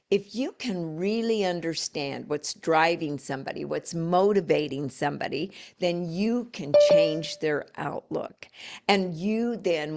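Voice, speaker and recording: A woman's voice: lowish voice, gravelly. A middle-aged woman coaching live, emphatic, repeating key words and acting out sample dialogue.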